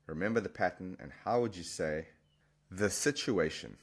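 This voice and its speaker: A man explaining a language lesson, patiently repeating words slowly for the learner. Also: low-pitched. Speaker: Spanish teacher.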